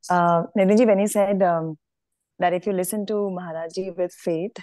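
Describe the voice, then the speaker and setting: A woman's voice: on the low side, steady tone, moderate pace, mellow, no room sound. A woman with an Indian English accent gives an earnest, emotional testimony on a video call. She hesitates and restarts often. Her sound is dry and close. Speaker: participant sharing a devotional experience.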